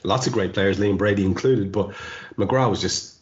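A man's voice: lowish voice, normal speed, dull audio. Emphatic male podcast host. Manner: passionate and emphatic when making a point, with many restarts. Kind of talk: casual podcast chat.

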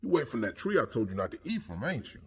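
A man's voice: medium pitch, big pitch swings, fast, vocal fry, darkish tone, distant mic. A man voicing God as a stern, streetwise father who demands answers. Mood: demanding.

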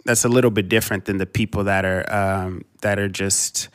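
A man co-hosting a casual podcast, his voice sitting a little low. He talks in an easygoing, reflective way. He pauses and restarts as he thinks aloud. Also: fairly even intonation, a bit bright. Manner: easygoing, reflective, many fillers. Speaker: podcast co-host. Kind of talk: casual chat.

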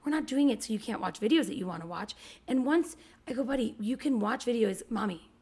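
A woman's voice: a little high, animated, brisk, darkish tone, husky. A woman in her thirties, a podcast co-host and mother, chatting casually and acting out her kids' lines as she tells a story. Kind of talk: casual chat.

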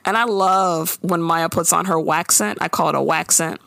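A woman hosting a casual podcast, recapping a TV episode in an animated way, swearing freely and slipping into quoted voices. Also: lowish voice, moderate pace, creaky, dry recording, studio quality. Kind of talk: casual chat.

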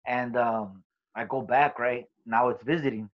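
A man tells his story in a casual interview, swearing often and stumbling through fillers and restarts. His voice sits at a middle pitch, and the recording sounds dull and lo-fi. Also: steady tone. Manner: profane, halting, with many fillers. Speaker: guest.

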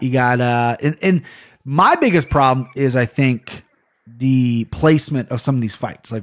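A man hosting a casual sports betting podcast, chatty and rambling, often correcting himself mid-sentence. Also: mid-range voice. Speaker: podcast host. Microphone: headphones on a studio setup.

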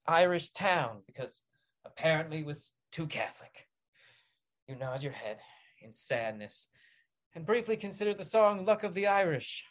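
A man hosting a comic guided visualization, speaking in a deadpan mock-soothing way and rambling with restarts. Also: high voice. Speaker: podcast host.

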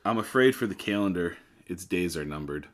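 A man's voice: low-pitched, lively intonation, brisk. A man co-hosting a casual podcast chat, swearing freely and bursting into laughter. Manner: swears a lot, breaks into loud laughter. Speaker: podcast co-host.

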